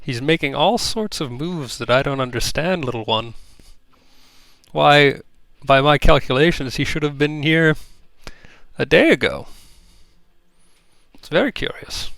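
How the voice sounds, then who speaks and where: A man voicing a gentle, curious male creature made of a swarm of insects, speaking in a measured way in a tabletop game. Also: on the high side, gravelly, no echo, voice pushed up.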